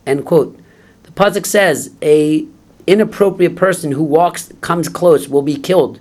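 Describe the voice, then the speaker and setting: A man gives a Talmud class. His voice sits a little high, and he works through the text phrase by phrase, first reading the original, then translating and explaining it. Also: moderate pace, darkish tone. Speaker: Talmud teacher.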